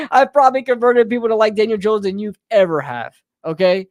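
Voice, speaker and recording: A man's voice: high-pitched, animated, moderate pace, no echo, clean studio sound. A man hosting a live sports talk stream, ranting heatedly and often calling listeners bro and brother. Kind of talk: live fan rant.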